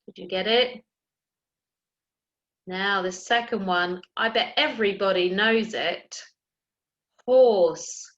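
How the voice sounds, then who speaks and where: A woman teaching an early years phonics lesson, sounding out letters slowly and clearly and encouraging young children. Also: mid-range voice, fairly even intonation, pushed and bright, highs cut off. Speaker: primary school teacher.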